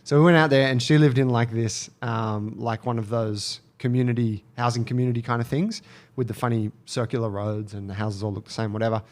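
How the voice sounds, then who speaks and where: A man's voice: mid-range voice, brisk, hardly any pauses. An Australian man on a casual podcast, telling a story with lots of swearing and acted-out quotes. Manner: animated storyteller, swears freely, acts out quotes.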